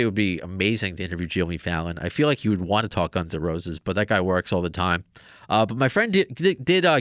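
A man with a fairly low voice hosts a podcast and rambles through a story. He restarts often and jumps into quoted lines in a raised voice. The sound is dry and close. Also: a bit bright, no echo. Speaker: podcast host. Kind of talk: casual storytelling monologue.

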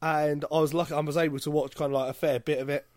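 A man with a slightly high voice recounts his experiences in a relaxed, conversational way, dropping easy fillers. The sound is close and dry, with no room around it. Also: quick pace, no echo. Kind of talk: casual chat.

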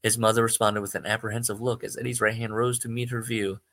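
A man's voice: fairly low pitch, little pitch movement, quick pace, pushed and bright, no room sound. A man hosting a podcast who reads amateur fiction aloud, stumbles, corrects himself, and breaks off into rambling asides. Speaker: podcast host.

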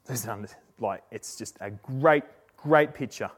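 A man preaching a sermon, retelling a story in a relaxed, chatty way with slang and frequent restarts. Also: medium pitch, slow pace, breathy edge.

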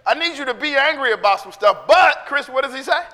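A man's voice: very high voice, animated, quick pace, bright, forceful tone, long reverb tail. A middle-aged male pastor preaching a sermon in a conversational way, acting out quotes and laughing between points.

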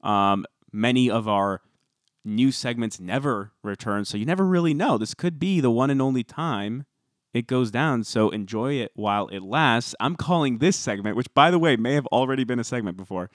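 A man's voice: medium pitch, normal speed, no echo. Dry-voiced gossipy male podcast host. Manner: chatty, gossipy, reads quotes aloud. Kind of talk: casual chat.

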